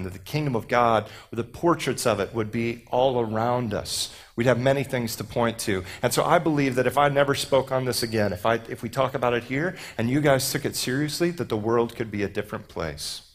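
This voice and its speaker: A man's voice: mid-range voice, fairly quick, few pauses. A man from Houston preaching a casual, joking sermon to a youth group, with many fillers and restarts. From Houston, Texas. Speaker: pastor.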